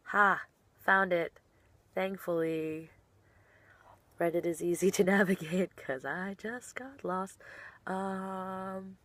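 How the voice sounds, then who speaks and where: A woman's voice: medium pitch, takes it slowly, long pauses, fairly bright tone, no echo. A young woman, a professional wrestler, chatting casually while answering online questions, bubbly and giggly and often trailing off mid-sentence.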